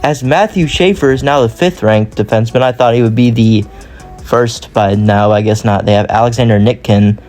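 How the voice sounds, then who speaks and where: A man's voice: medium pitch, moderate pace, a little mellow, soft background music. A young man talking through a hockey sim career in casual commentary, rambling and often correcting himself mid-sentence. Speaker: gaming YouTuber.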